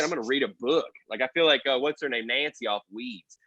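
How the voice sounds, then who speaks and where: Male co-host, mid pitch, dry close sound, animated slangy storyteller. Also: a little fast, dry recording. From United States. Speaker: band member co-hosting a chat. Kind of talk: casual storytelling chat.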